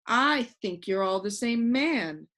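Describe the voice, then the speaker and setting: A woman's voice: a little high, animated, unhurried. A woman voicing a curious, earnest young boy asking eager questions.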